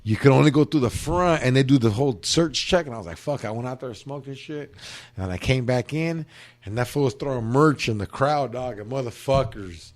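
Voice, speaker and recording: A man hosts a loose podcast chat. He tells his stories in an animated way, full of slang and swearing. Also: mid-range voice, brisk. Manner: slangy, profane, animated storytelling. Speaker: podcast host. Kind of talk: casual storytelling chat.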